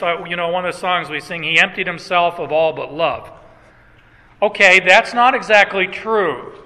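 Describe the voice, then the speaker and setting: A man preaching a Bible teaching sermon, emphatic, posing rhetorical questions and slowing down on key phrases. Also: high-pitched, bright, forceful tone. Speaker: pastor. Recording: long hall reverb.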